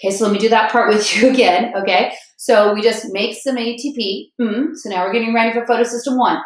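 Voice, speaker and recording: A woman teaching biology in a chatty, upbeat way, often checking in with her students. Her voice sits a little high. She breaks into chants and a sung memory song, and the room around her is echoey. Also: steady tone, fast talker, few pauses. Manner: upbeat, chatty, checks in with "okay?" and "all right?". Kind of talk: recorded classroom lecture with song.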